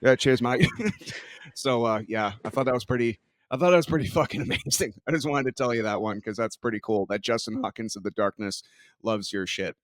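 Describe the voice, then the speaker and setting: A man in his forties co-hosts a casual podcast, his voice sitting a little low. He tells long stories with eager enthusiasm, recorded close and dry with no room sound. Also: brisk, no room sound. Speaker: podcast co-host.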